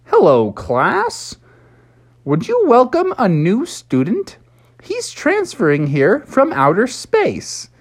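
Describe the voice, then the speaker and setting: A cheerful storybook principal makes a friendly announcement to the class, voiced by a woman telling the story. The tone sits higher than her usual voice and moves around brightly. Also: wildly swooping pitch, takes it slowly, husky, heavily acted. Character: friendly grown-up school principal.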